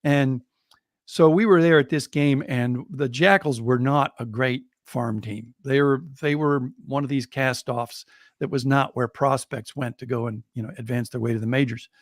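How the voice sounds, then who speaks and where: A middle-aged American man, a storyteller, telling a personal anecdote on a podcast in a lively way and chuckling as he goes. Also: medium pitch, normal speed, no echo, clean studio sound. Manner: lively, chuckling, builds excitement as he tells it.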